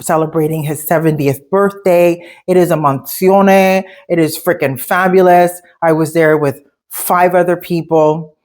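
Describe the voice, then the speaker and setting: A woman's voice: deep voice, a little mellow. A woman speaking in a candid, emphatic and conversational way, telling a personal story as she shares a life lesson.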